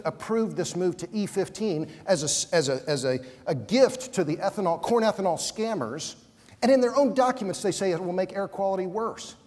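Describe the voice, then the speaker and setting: A man's voice: high-pitched, a little mellow. A man arguing as a panelist in a conference debate, emphatic and combative, stumbling over his words when worked up. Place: conference hall. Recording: long hall reverb from a conference stage.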